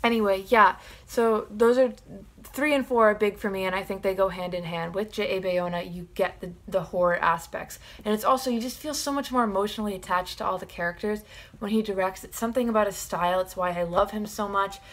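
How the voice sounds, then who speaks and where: A young woman vlogger giving her film opinions in a casual, excited, rambling way. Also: medium pitch, a little fast.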